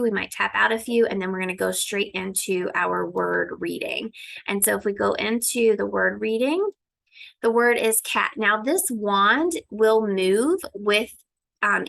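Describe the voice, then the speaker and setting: A woman teacher records a walkthrough of her lesson. Her voice is bright with a touch of fry. She drops into a sing-song classroom tone and sounds out each letter slowly. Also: medium pitch.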